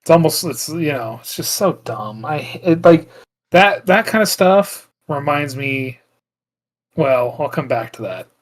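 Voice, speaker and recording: A man's voice: fairly high pitch, lively intonation, a little slow. A man co-hosting a podcast, recapping a film in casual chat with lots of filler words and restarts. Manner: rambling plot recap full of "like" fillers. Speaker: podcast co-host.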